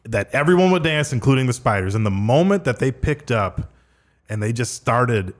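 Enthusiastic male co-host, casual chat, everyday medium pitch. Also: moderate pace. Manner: enthusiastic, excitable. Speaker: podcast co-host. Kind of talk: casual chat about a retro video game.

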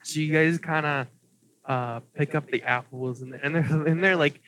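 A man's voice: on the high side, moderate pace, fairly bright tone, poor audio. A young man narrating as game master of a tabletop game, hesitant and nervous, with many fillers.

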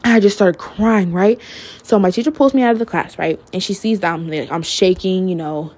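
A woman's voice: medium pitch, normal speed, a little mellow. A young adult woman hosting her own podcast, talking in a candid, chatty way, filling her talk with "like" and "literally" and laughing now and then. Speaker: podcast host. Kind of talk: casual solo podcast monologue.

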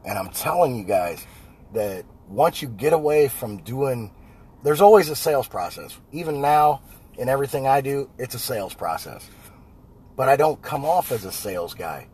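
A man's voice: medium pitch, animated, moderate pace, darkish tone, slight background noise. A man, a house painter giving a blunt, folksy motivational talk about sales. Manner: blunt, folksy, repeats "right?" and "I guarantee". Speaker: house painter and business owner.

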